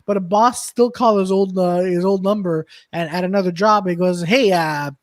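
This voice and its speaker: A man with a high voice tells a funny anecdote in a casual group podcast chat and keeps laughing as he goes. The recording is dry, with no room sound. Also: normal speed, dry recording. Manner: laughing, animated storyteller. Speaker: podcast co-host.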